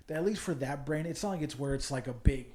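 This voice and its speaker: A man's voice: a little high, fast, a crowd in the background. Rambling, swearing young podcast guy. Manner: rambling, swears a lot, restarts sentences. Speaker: podcast co-host. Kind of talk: casual podcast chat.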